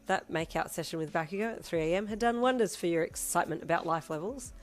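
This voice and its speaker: A woman narrating a fan story in a steady storytelling read. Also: on the low side, fast talker, soft background music. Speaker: fanfiction reader.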